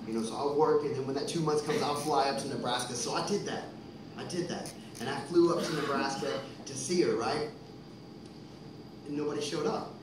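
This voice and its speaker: Between songs at a concert venue, a musician from Texas in his thirties launches into a long, profane, increasingly heated story before a live audience. Captured far off and echoey from a stage mic with background noise, his voice is medium-pitched and fairly quick.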